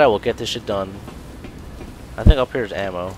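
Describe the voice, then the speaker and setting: A man's voice: on the low side, unhurried, pauses often, background noise. A man commentating on his gameplay, swearing and ranting in frustration. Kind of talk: let's play commentary.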